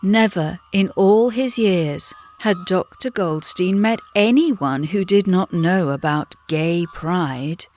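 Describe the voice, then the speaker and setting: A British woman narrating her own memoir as an audiobook, telling it slowly and dramatically. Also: on the low side, darkish tone. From Britain. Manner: slow, dramatic storytelling.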